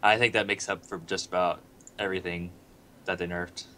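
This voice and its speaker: A man who is a guest on a casual panel chat, talking in a relaxed, hesitant way with many fillers. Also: sits low, brisk, a little hiss or hum. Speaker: guest player.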